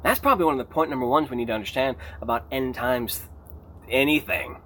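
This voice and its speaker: A man preaching an unscripted sermon, emphatic and animated, rising to near shouts on key points. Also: medium pitch, quick pace, a little hiss or hum. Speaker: pastor.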